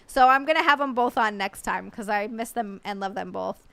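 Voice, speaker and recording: A woman's voice: medium pitch, normal speed, vocal fry, bright, forceful tone, no echo. An American woman livestreaming, chatting casually and rambling, reading out viewer messages and swearing now and then. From United States. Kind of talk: casual live-stream chat.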